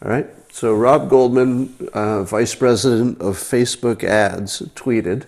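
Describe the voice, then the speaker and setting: A man's voice: mid-range voice, fairly even intonation, takes it slowly, creaky, a little mellow. A man hosting a casual livestream, talking straight to his viewers in a wry, incredulous way. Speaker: livestream host.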